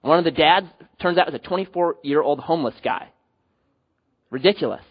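A man preaching a sermon as pastor, animated, rising to loud emphatic peaks and dropping to quiet low endings. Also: fairly quick, husky, muffled recording.

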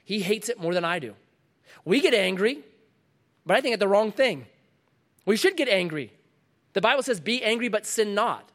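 A middle-aged man preaching a sermon to a congregation, dramatic, dropping to a hush and then rising loud again. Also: sits high, big pitch swings, normal speed, pauses often. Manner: dramatic, swings from loud to hushed. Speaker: pastor.

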